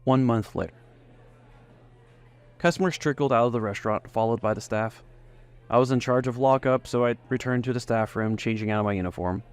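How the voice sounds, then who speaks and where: A man's voice: mid-range voice, a little fast, pauses often, smooth, soft background music. Man reading a romance story. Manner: first-person, emotive reading. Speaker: narrator. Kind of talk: scripted story narration.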